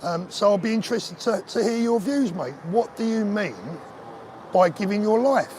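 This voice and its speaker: A man's voice: sits high, moderate pace, a little mellow, slight background noise. An older man hosting a live stream, chatting earnestly and emotionally with viewers and calling them mate. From England. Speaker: livestream host. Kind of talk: live-stream chat reading viewer comments. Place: outdoors on a town street.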